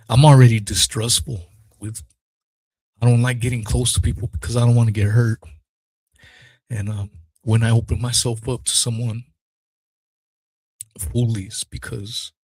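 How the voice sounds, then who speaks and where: A man's voice: medium pitch, darkish tone, slightly rough, no room sound. Emotional, cursing man podcasting solo. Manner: raw, emotional, swears freely. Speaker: podcast host. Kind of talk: solo podcast talk, live stream.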